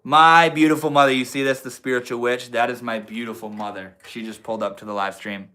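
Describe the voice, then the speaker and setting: A man's voice: medium pitch, fairly even intonation, a little fast, sharp tone. A young man live streaming from his room, chatting casually and slangily with his viewers and reading their messages aloud. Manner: laid-back, slangy, reads chat aloud. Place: indoors at a computer.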